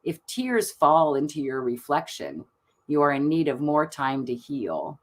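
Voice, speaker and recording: A woman giving card readings on a live stream, reading out card texts in a soft, gentle manner and laughing often. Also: deep voice, sing-song, measured pace. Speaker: tarot card reader.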